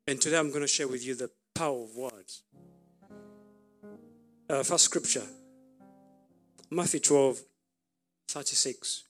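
Man preaching, story-driven sermon, pauses and restarts, mid-pitched voice. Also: a bit bright, faint music behind. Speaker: pastor.

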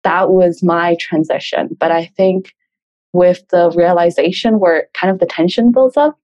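A woman talking as a guest about leaving a job, reflective and measured, with light laughs. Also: lowish voice, a little mellow, muffled recording. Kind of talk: reflective conversation.

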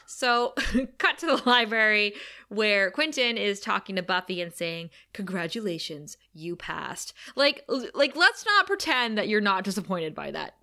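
Bright-voiced woman retelling a TV episode. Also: moderate pace. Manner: animated retelling, quoting characters in a lowered voice. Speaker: podcast co-host recapping a TV episode. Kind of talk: casual chat.

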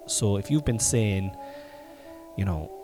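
A middle-aged Irish man hosting a podcast from home while sick, coughing now and then, rambling and swearing, with sudden loud bursts. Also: fairly low pitch, lively intonation, slow pace, music in the background. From Ireland. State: sick with covid, congested and coughing. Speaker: podcast host. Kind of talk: casual solo podcast monologue.

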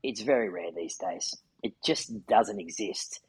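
Earnest husky man telling a story. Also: on the low side, a little slow, no echo, rough recording. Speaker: podcast host. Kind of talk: casual chat.

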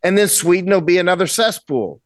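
A man's voice: high voice, lively intonation, brisk, no echo. A man in his sixties, a guest in a casual interview, talking bluntly and emphatically at home. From United States. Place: at home with a cat.

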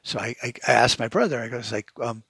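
A man's voice: mid-range voice, fast, creaky, a bit bright, breathy edge, no room sound. A man hosting a podcast, ranting heatedly and sarcastically with constant swearing. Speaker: podcast host. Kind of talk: profane rant.

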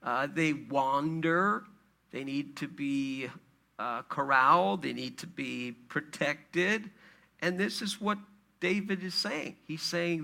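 A man's voice: a little high, slow pace, vocal fry, bright, forceful tone. A man preaching a sermon in a conversational way, with fillers and rhetorical questions. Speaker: pastor.

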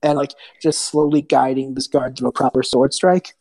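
A man's voice: mid-range voice, flat delivery, moderate pace, warm tone, no echo. A man runs a tabletop game as game master, with a mid-range voice. His narration is loose and chatty, full of asides. The sound is dry and close, with no room around it.

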